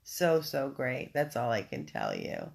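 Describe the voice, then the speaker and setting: Livestreaming casually on her phone from home, a dog rescue volunteer reads out viewer comments and chats effusively, full of ums and restarts. Her creaky voice is extremely low in pitch yet swoops wildly, delivered at a measured pace.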